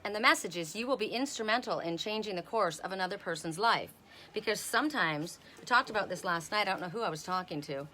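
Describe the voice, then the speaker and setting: A woman's voice: medium pitch, expressive, quick pace, bright, forceful tone, slight background noise. A woman reading oracle cards on a casual live stream outdoors, talking bluntly and swearing freely. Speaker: oracle card reader.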